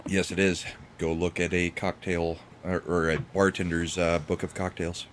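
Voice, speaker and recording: A man's voice: low voice, flat delivery, moderate pace, a little hiss or hum. A man co-hosting a podcast, ribbing the others in a dry, matter-of-fact way. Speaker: podcast co-host. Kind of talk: casual podcast banter.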